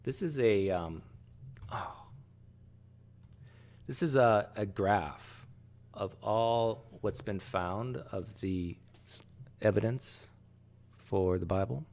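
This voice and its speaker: A man hosting a casual discussion, animated and halting, often restarting sentences. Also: lowish voice. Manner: animated, rises sharply when pressing a point; halting, frequent restarts and fillers. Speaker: host.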